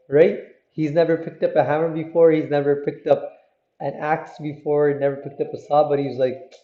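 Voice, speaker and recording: A man's voice: a little high, brisk. Man telling a story in a roomy room. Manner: lively, often asking the listeners questions. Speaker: storyteller for children. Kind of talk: religious story told to children. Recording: muffled, roomy recording.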